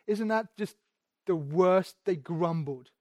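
A man preaching a sermon, repeating phrases and asking rhetorical questions, sometimes dropping to a hush and sometimes building loud. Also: high voice, takes it slowly, no room sound, highs cut off.

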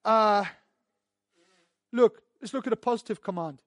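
A man preaching a sermon as a pastor, emphatic and repetitive, swelling louder as he drives his points home. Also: sits high, measured pace, no echo, clean studio sound.

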